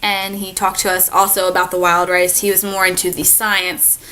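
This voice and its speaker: A woman's voice: lowish voice, flat delivery, normal speed, sharp tone, low-quality recording. Chatty young woman vlogging. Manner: chatty, rambling with many fillers. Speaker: vlog host. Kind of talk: casual travel vlog chat.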